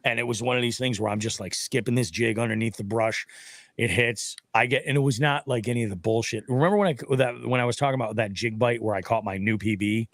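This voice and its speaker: A man hosting a casual fishing podcast, telling animated stories with a lot of swearing. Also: medium pitch, fast, vocal fry, dry recording, clean studio sound. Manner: animated storytelling, heavy swearing. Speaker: podcast host. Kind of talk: casual profane chat.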